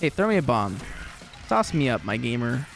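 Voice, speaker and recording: A man's voice: mid-range voice, sing-song, normal speed, gravelly, soft background music. A young man giving casual, rambling gameplay commentary, laughing often and poking fun at himself while he tells stories from his teaching day. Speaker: gaming video creator and teacher.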